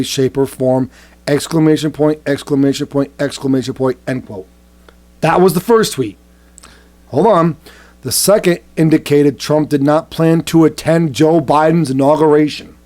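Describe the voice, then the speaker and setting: A man's voice: on the high side, normal speed, a little mellow. A man co-hosting a casual satirical podcast, reading news aloud and mocking it in a crude, sarcastic way. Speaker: podcast co-host.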